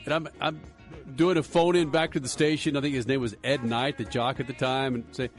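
A man's voice: medium pitch, little pitch movement, fairly quick, soft background music. A man co-hosting a radio show, rambling through stories in casual on-air chat and laughing often.

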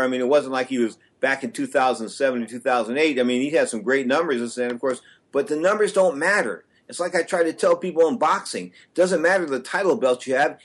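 Brash male sports radio host. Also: medium pitch. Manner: brash, opinionated, rambling with restarts. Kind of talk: casual sports radio chat.

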